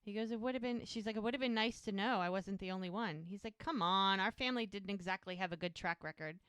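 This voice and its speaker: Woman recapping scenes in a smooth voice. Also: medium pitch, quick pace, no echo, studio quality. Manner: retells scenes with quoted lines, lively. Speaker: podcast co-host. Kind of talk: casual recap chat.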